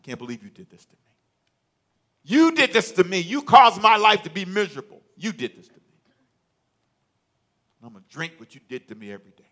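A man's voice: lowish voice, rapid-fire, a bit bright. A man playing a bitter, grudge-holding soul. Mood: bitter, accusing. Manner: accusing, repeating the same complaint. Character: bitter wounded adult nursing an old grudge.

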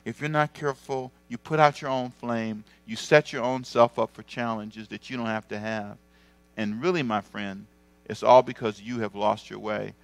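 A man preaching a sermon as pastor, animated, swinging from loud exclamations to quiet asides. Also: medium pitch, smooth, no room sound.

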